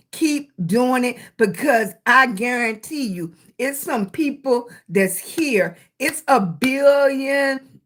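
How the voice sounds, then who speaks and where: A middle-aged Southern woman hosts a casual live stream in a high, bright voice, taking her time. She warmly greets chat viewers by name, calling them "sweetie" and "baby," and encourages them to keep going.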